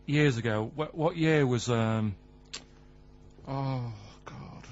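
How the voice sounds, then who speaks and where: Deadpan Manchester man. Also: mid-range voice, slow. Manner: deadpan, rambling storyteller. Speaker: radio show regular. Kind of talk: radio comedy banter. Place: radio studio. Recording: dull radio sound with faint hum.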